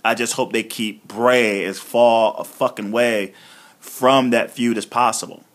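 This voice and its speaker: A man hosting a solo review podcast, talking casually and with a lot of profanity, excitable and laughing often as he retells scenes. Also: mid-range voice, unhurried. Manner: profane, excitable, swings between mumbling and loud outbursts. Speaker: podcast host reviewing wrestling shows.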